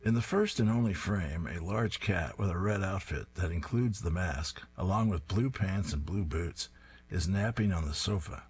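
Man reading comic strips aloud, low pitch, husky tone, steady descriptive delivery. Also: moderate pace. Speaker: comics reader.

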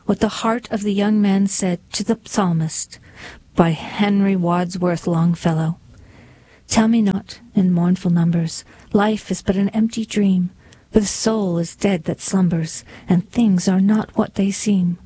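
A woman reading poetry and a humorous storybook aloud in a slow, measured, deliberate way. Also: mid-range voice, steady tone, warm tone, breathy edge, no room sound, low-quality recording. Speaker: reader.

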